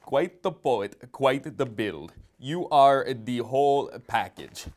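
A man hosting an improvised comedy interview in a mock-flattering, teasing manner. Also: medium pitch, slow, hardly any pauses.

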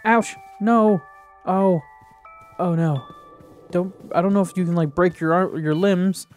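A young man giving casual, self-mocking commentary as he plays a video game, swearing often and reacting loudly. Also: sits high, a little slow, soft background music. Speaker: gaming YouTuber. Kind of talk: casual let's-play commentary.

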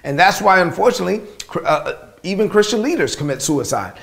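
A man preaching a sermon, telling a Bible story with dramatic rises and hushed drops, repeating phrases for emphasis. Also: high voice, expressive, a little fast, gravelly. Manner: dramatic storytelling, rising intensity then hushed.

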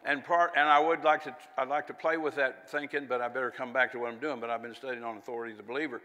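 A man's voice: mid-range voice, steady tone, fast, bright, forceful tone, big-room sound. A man preaching a sermon in a folksy, conversational way, with chatty asides and little laughs.

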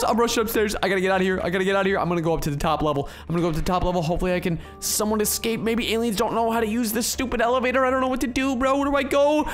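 A young man with a high voice commentates his game role-play in a panicky, excitable rush. He shouts often and fills his talk with "bro" and "dude". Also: rapid-fire, hardly any pauses, soft background music. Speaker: gaming YouTuber.

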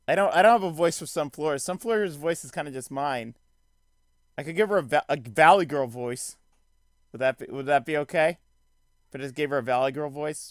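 A man's voice: a little high, brisk, no room sound, clean studio sound. A man streaming a video game live, joking and self-deprecating as he chats to viewers. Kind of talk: live let's-play commentary.

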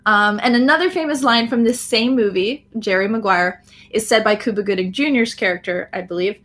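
A woman's voice: mid-range voice, brisk, a bit bright. A woman with an American accent, explaining phrases in a live online English lesson, often checking in with "right?". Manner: frequent "um" fillers. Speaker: English teacher.

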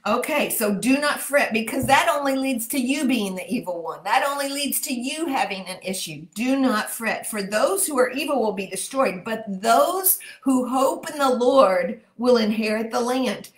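Texan woman, prayer leader, fervent and repetitive, slightly high voice, echoey room. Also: expressive. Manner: fervent, slows to stress phrases, repeats key words. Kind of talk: livestreamed prayer and scripture reading.

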